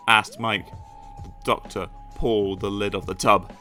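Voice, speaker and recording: A man reading a children's storybook aloud in an animated narration. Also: lowish voice, measured pace, faint music behind. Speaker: audiobook narrator.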